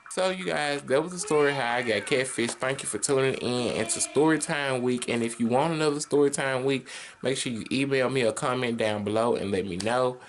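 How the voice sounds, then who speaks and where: A man in his twenties telling an animated, sassy, slang-filled story on his vlog. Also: medium pitch, normal speed. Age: 20s. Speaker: vlogger. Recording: music playing behind the voice.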